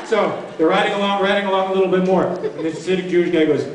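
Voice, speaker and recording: A man's voice: sits high, fast, noisy background. A man on a convention panel telling a joke to an audience, laughing at himself and fumbling along. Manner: self-deprecating, laughs at himself. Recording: echoey convention hall, mic far off.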